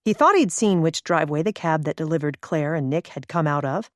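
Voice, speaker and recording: In a dry, studio-quality recording, a woman with a low voice reads scripted audiobook narration. She tells the story at a steady, measured pace.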